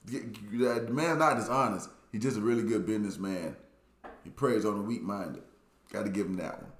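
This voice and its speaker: A man's voice: lowish voice, moderate pace. A man with a Southern US accent casually reading out and answering viewer comments, in a laid-back, plainspoken way that often repeats itself. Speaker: YouTube commentator. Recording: echoey room.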